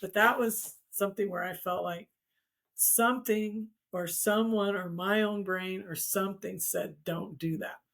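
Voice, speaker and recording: A woman's voice: mid-range voice, steady tone, a little slow, gravelly, a bit bright. A middle-aged woman hosting a casual conversation, telling a personal story with many restarts. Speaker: host.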